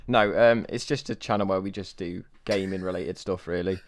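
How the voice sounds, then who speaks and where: A man's voice: low voice, fairly even intonation, normal speed. A British man as a guest on a casual podcast, self-deprecating and rambling. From Britain.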